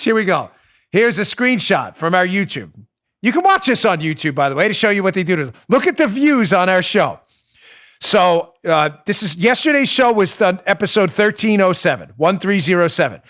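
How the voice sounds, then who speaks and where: Indignant high-voiced man ranting. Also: fairly bright tone. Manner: indignant, sarcastic, emphatic with repeated rhetorical questions. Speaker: host. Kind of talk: political talk show monologue.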